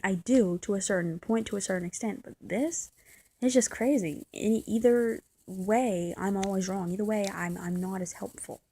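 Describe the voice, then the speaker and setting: Husky woman venting to camera. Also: medium pitch, dark tone, low-quality recording. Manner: candid, venting, repeats and restarts often. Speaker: vlogger. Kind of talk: casual confessional monologue.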